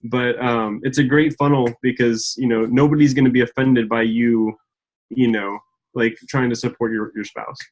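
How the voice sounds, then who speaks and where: A man of middling pitch speaking over a video call, relaxed and earnest. He rambles a little, leaning on "like" and "you know" as he explains. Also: moderate pace, rough recording. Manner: relaxed, earnest, many fillers. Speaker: guest, husband of a distributor. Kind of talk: casual video call interview.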